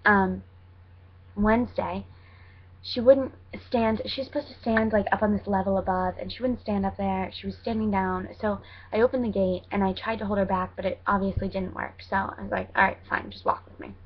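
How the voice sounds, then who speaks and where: A woman's voice: medium pitch, steady tone, normal speed, lo-fi sound. A young American woman telling stories in a casual vlog, chatty and rambling, correcting herself with lots of fillers. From United States. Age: young adult. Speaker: student vlogger abroad.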